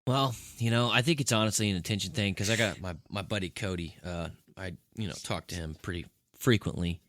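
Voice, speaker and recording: A man's voice: low-pitched, brisk, a bit bright, no echo. A man co-hosting a podcast, chatting casually and acting out talks with his pet. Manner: chatty storyteller, acts out talks with his cat. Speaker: podcast co-host. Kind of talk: casual chat.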